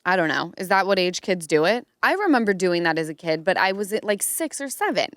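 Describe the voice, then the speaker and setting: A woman hosting a podcast, telling a story in casual chat and acting out quotes in a higher voice. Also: sing-song, a little fast, no room sound, studio quality. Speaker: podcast host.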